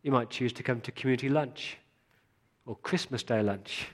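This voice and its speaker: A man's voice: mid-range voice, normal speed. A male pastor giving a sermon, speaking earnestly and appealing directly to his congregation.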